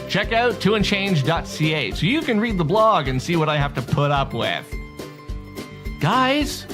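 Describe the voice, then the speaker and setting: A man co-hosting a podcast, wry and quick with one-liners in casual chat. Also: on the high side, very animated, over music. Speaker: podcast co-host.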